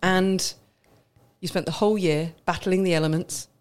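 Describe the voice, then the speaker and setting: A woman's voice: fairly low pitch, fairly even intonation, normal speed, clear, resonant tone. A woman from Britain co-hosting a casual podcast chat, explaining in detail and laughing often. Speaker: wine expert co-host.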